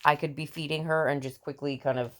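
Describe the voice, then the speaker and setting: A woman's voice: low-pitched, steady tone, a little fast. A woman in her thirties chatting casually in a vlog, rambling and filler-heavy as a mother giving healthy-eating tips. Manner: chatty and rambling, many fillers, laughs often.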